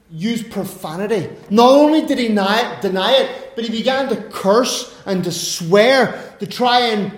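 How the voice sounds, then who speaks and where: A man preaching a sermon, telling the story in an animated way that swings from quiet asides to loud bursts. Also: high voice. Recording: echoey room.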